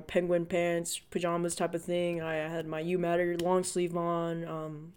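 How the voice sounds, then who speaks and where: This high-pitched, clean-toned voice belongs to a young man running his own podcast. Alone on the mic, he rambles chattily, filling his talk with "like" and "you know."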